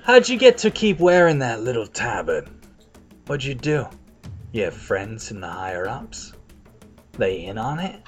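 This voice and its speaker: A man's voice: medium pitch, very animated, measured pace, pauses often, soft background music. A man voicing a furious half-orc woman caravan guard who snarls out taunts and accusations. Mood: accusing.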